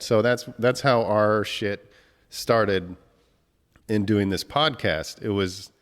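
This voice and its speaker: A man hosting a podcast, speaking emotionally in a halting tribute monologue, swearing often and breaking off to collect himself. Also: on the low side, in a large hall. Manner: halting, many restarts and fillers, heavy swearing. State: emotional, choked up. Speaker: podcast host.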